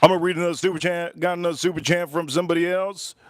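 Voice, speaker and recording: Guy livestreaming from the grill outside, kinda high voice, joking around and reading the chat. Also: steady tone, rapid-fire, no echo. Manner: loose, joking, talks to chat and reads super chats aloud. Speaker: livestream host. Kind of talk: casual livestream chat while cooking.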